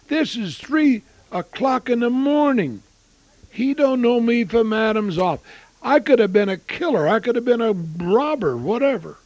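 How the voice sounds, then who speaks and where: An older man preaching an evangelistic sermon and telling his own testimony, swinging between booming and hushed. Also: lively intonation, unhurried, no echo, muffled recording.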